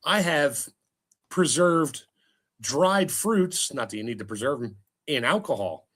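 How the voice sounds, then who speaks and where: A man's voice: mid-range voice, lively intonation, unhurried, fairly bright tone, breathy edge. A man on a casual panel chat, joking and blunt, telling stories.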